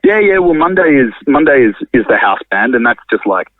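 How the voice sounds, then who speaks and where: A drummer who owns a venue rambles and swears freely as a podcast guest in a casual conversational interview. His medium-pitched voice is very animated and brisk. The recording is dry and narrow, like a phone line.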